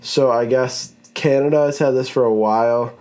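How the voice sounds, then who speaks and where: A man's voice: mid-range voice, steady tone, moderate pace, a little mellow. Laid-back male podcast host. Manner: laid-back, rambling, swears casually. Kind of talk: casual podcast chat.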